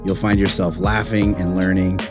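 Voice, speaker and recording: Deep-voiced man reading a podcast intro over music. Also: level tone, moderate pace. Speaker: podcast host introducing the message.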